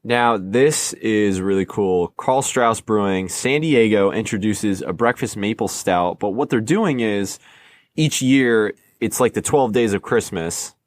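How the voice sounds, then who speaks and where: A man's voice: fairly low pitch, a little slow, dry recording. A man co-hosting a podcast, playful and self-mocking, tripping over names as he reads. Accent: American. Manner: playful, laughs at himself, stumbles over names. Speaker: podcast co-host. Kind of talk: casual chat.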